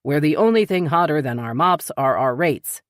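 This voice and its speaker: A woman's voice: deep voice, animated, moderate pace, dry recording, studio quality. A woman narrator voicing a stiff, mechanical robotic phone answering voice.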